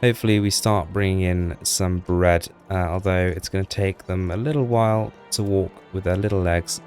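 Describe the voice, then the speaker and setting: Over his own gameplay, a deep-voiced man chats casually and self-deprecatingly, addressing the tiny on-screen people as he goes. His darkish voice keeps a fairly even intonation at a moderate pace, and faint music plays beneath.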